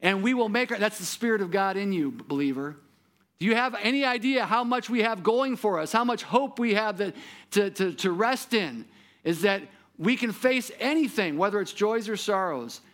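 A man preaching a sermon who speaks straight to his listeners and drops soft and low for his solemn points. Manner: repeats words when he restarts, talks straight to the listener. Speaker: pastor.

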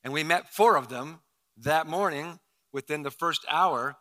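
A middle-aged male pastor telling a story in his sermon, animated and acting out the quotes with sudden loud outbursts. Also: fairly high pitch, unhurried.

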